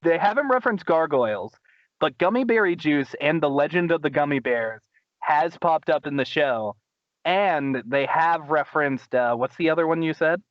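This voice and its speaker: An enthusiastic man hosting a podcast, rambling through a recap with lots of fillers. His voice sits a little high. The sound is dull and lo-fi, and very dry. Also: lively intonation, normal speed, dry recording. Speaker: podcast host. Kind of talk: casual chat.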